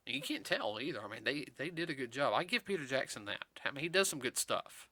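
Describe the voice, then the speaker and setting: A man's voice: mid-range voice, lively intonation, fast talker, bright, forceful tone. A man hosting a podcast, chatting casually about films in a rambling way, full of fillers and restarts, and teasing his co-host.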